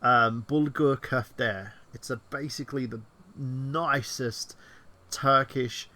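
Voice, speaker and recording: A man co-hosting a casual online chat show, rambling excitedly and swearing freely. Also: medium pitch, slow. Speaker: podcast co-host.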